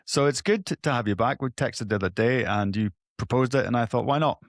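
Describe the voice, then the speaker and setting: A man's voice: medium pitch, dry recording, studio quality. A man hosting a podcast interview, talking casually with frequent restarts and side remarks. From former soldier. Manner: loose, halting, restarts and asides while reading. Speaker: podcast host.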